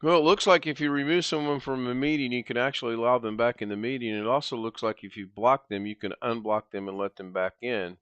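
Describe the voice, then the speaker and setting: A man's voice: mid-range voice, steady tone, quick pace, few pauses, fairly bright tone, clear, resonant tone, no room sound, highs cut off. A man hosting a casual video-call livestream, talking in an easygoing, rambling way and thinking aloud. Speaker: host.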